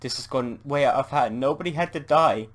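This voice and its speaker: A man with a British accent voicing a frightened, angry man trapped with a killer, pleading and yelling in a text adventure. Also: mid-range voice, fairly quick, voice pushed up, close to an everyday voice. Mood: desperate.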